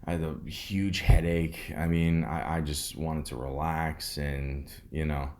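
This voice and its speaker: Deep-voiced rambling man telling a story. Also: level tone, measured pace, a little mellow. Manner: rambling, sarcastic, many fillers and restarts. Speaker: podcast host. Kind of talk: casual storytelling monologue.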